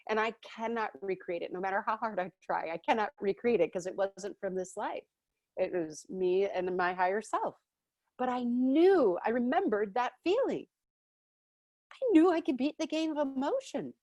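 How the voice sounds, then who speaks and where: A woman teaching a live online spiritual class, telling stories with animated acted-out voices. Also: mid-range voice, normal speed, no echo, clean studio sound. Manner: animated storytelling, acts out voices.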